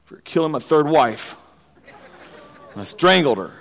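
A man voicing a quiet older male ex-convict who confesses his crimes bluntly and flatly, told as a joke in a sermon. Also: on the high side, a little slow, gravelly, pitched below the performer's own voice, heavily acted. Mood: matter-of-fact. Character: soft-spoken older male ex-convict, matter-of-fact.

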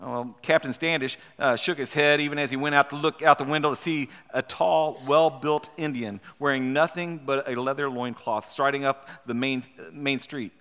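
Halting preacher in a reverberant hall. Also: male voice, medium pitch, fairly even intonation, bright, forceful tone, smooth. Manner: halting, repeats words, asks rhetorical questions. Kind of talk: storytelling sermon with read-aloud passages.

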